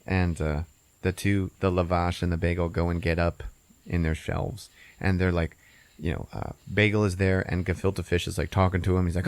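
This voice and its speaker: A man hosting a podcast, retelling a movie in a casual, profane, animated way, laughing often. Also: low-pitched, normal speed, no echo. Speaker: podcast host.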